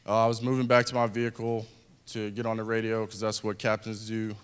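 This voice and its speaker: A man in his thirties, a wounded veteran, giving an earnest personal speech to an audience, speaking haltingly with restarts. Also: on the low side, completely flat delivery, clear, resonant tone.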